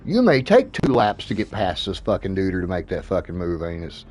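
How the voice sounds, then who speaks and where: Man, low voice, lively pitch, casual gaming chat, swears a lot, laughs easily. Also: brisk. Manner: profane, laid-back, laughs often. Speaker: sim racing streamer. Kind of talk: casual gameplay commentary.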